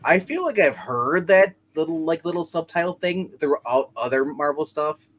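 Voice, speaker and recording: A man in a casual chat, halting and searching for words. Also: a little high, animated, fairly bright tone.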